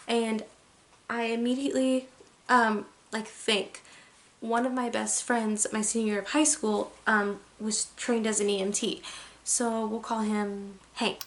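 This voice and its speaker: A young adult woman vlogger telling a story in a chatty, animated way, full of "like" and dramatic emphasis. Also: a little high. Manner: chatty, heavy use of "like". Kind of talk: casual storytime.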